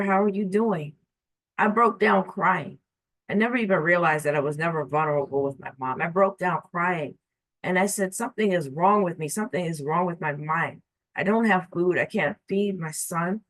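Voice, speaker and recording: A woman telling a personal story in an earnest, halting way, often restarting and repeating her words. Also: on the low side, dry recording, rough recording.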